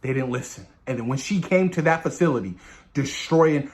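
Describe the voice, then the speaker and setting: A young man hosting a movie review channel, gushing excitedly about spoilers and swearing often. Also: mid-range voice, normal speed.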